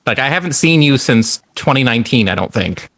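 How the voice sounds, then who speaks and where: A man's voice: medium pitch, lively intonation, fairly quick, gravelly, a bit bright, no room sound. A man co-hosting a podcast over a video call, easygoing and chatty. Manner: easygoing, talkative storyteller. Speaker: podcast co-host. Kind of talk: casual chat.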